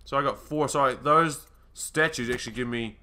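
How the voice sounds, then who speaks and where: A man hosting a let's play in a bright, forward voice at an everyday middle pitch. He talks casually to himself, reading menu and upgrade text aloud as he plays. He swears often and off-handedly. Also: moderate pace, a little hiss or hum. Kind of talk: casual gameplay commentary.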